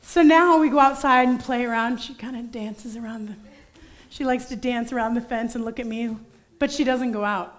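A young woman preaching a sermon, telling a story from her own family life in a lively, animated way and acting out the voices in it. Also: on the high side, normal speed. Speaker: pastor.

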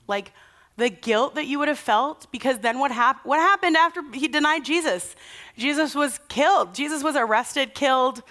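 A woman's voice: fairly high pitch, sharp tone. A woman pastor preaching a sermon in a casual, conversational way, acting out the people in the story with energy. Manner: conversational and enthusiastic, acts out quotes.

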